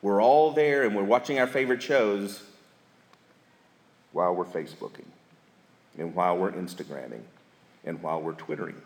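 A man's voice: sits low, moderate pace, long pauses. A man, speaking at a church marriage seminar in a folksy, storytelling manner with emphatic repetition, recorded in an echoey hall. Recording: echoey hall with live audience.

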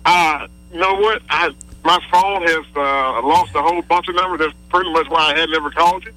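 A man's voice: on the high side, brisk, bright, forceful tone. A man calling a radio show, easygoing and rambling, often trailing off. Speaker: caller, teacher. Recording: phone line.

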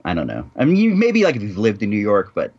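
A man co-hosting a podcast in casual chat, animated and joking, rambling through bits. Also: fairly low pitch, fast, lo-fi sound. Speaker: podcast co-host.

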